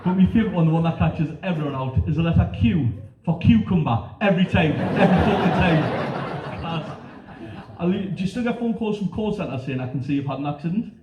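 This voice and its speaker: Middle-aged northern English man doing stand-up, animated and crude, recorded from a distance in a dull, noisy room. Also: sits high, a little fast. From northern England. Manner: brash, sweary storytelling with lively voices for quotes. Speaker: stand-up comedian. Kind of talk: stand-up comedy set. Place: comedy club stage. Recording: roomy, dull live-club recording with noise.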